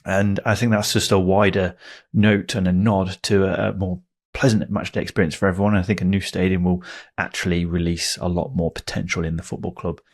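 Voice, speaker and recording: Gravelly, husky man in his thirties. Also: low-pitched, little pitch movement. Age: 30s. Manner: dry, wry remarks with halting repeats. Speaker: podcast co-host. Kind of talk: casual football podcast chat.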